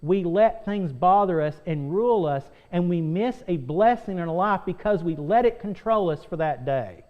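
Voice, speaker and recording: A man's voice: high-pitched, expressive, normal speed, hardly any pauses, lo-fi sound. A man teaching a Sunday School lesson as pastor, earnest, reading scripture aloud and repeating phrases for emphasis. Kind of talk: preaching Bible lesson.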